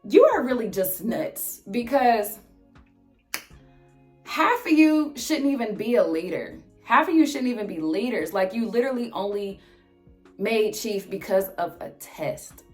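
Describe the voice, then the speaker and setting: A young woman telling a storytime vlog as an animated, sarcastic, heavily profane rant. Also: a little high, measured pace, faint music behind. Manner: exasperated, sarcastic. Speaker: vlogger.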